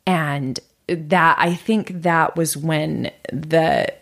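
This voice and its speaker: A woman's voice: sits low, drawn-out words, gravelly. A woman telling a personal story in casual chat, acting out the voices of the people in it. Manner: animated, acts out voices in her story.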